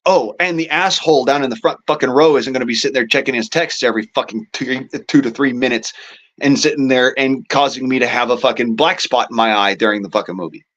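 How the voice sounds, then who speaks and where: A man's voice: mid-range voice, fast talker, fairly bright tone, muffled recording. A man ranting casually and profanely to his audience, exasperated and often laughing at himself. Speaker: show host.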